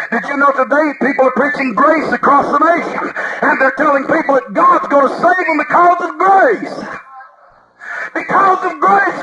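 Fired-up preacher guy, really high voice, hollering at a church crowd you can hear. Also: low-quality recording. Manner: fervent, shouting, calls for amens. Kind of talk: shouted revival sermon. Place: church service. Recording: live service with congregation audible.

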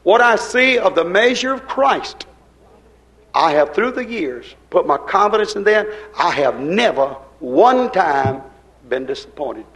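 A man's voice: high-pitched, very animated, a little slow, poor audio. Fervent older preacher man. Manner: fervent preaching, swings between loud and hushed. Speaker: pastor. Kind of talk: sermon.

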